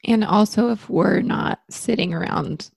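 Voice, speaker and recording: A woman with a strongly gravelly, husky voice talks earnestly in a relaxed chat. The recording is close and dry, with no room sound. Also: mid-range voice, a little slow, no echo. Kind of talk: casual chat.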